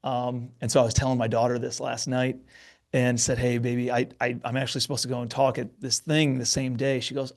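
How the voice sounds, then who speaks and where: A man's voice: medium pitch, level tone, fairly quick, gravelly. A man in his thirties hosting a podcast, chatting in an encouraging way about his young kids. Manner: warm encouraging, lots of affirmations. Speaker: podcast host. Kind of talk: conversational interview.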